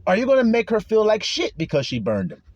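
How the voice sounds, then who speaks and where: A man's voice: sits high, huge pitch swings, quick pace, no echo, muffled recording. Impassioned man preaching an informal sermon.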